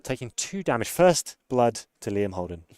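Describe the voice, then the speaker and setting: A man calls each play of a card game final in an upbeat, explanatory way. His voice sits at an ordinary middle pitch. The sound is dry and close to the mic. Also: sing-song, normal speed, darkish tone, no room sound. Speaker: play-by-play commentator. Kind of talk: live card game commentary.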